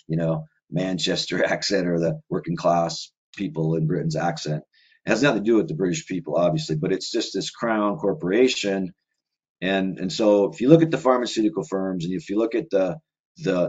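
A man with a very low voice talks at length in a loose, conversational way. He strings thoughts together with fillers and restarts. The recording sounds slightly dull and lo-fi. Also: darkish tone, breathy edge. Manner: rambling, run-on delivery with many filler words. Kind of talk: casual conversational monologue.

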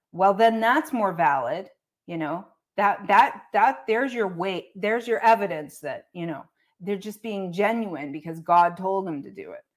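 A woman giving blunt, sarcastic, profane commentary in a casual rant. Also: medium pitch. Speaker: online commentator.

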